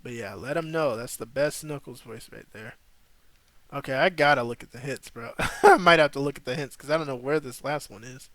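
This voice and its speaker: A man's voice: medium pitch, fairly quick, a bit bright, no echo. A young man hosting a casual live stream, chatting loosely and rambling while he plays a game. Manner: laid-back, rambling, slangy. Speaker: streamer host.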